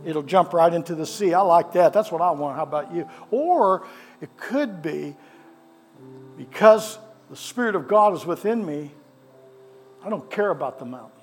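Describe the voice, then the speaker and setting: A man's voice: fairly high pitch, brisk, soft background music. A man preaching a sermon as pastor of a church, with a fervent cadence that repeats phrases, then leading prayer. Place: church sanctuary.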